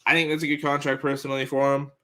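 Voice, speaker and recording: Bright-voiced man reading sports news. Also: fairly high pitch, flat delivery, very fast. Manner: plain, matter-of-fact delivery with fillers. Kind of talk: casual sports news rundown.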